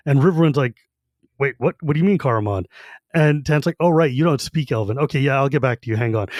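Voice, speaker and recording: A man co-hosting a podcast, recapping a book in casual chat and acting out the characters in quick quoted bits. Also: fairly high pitch, dry recording. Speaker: podcast co-host.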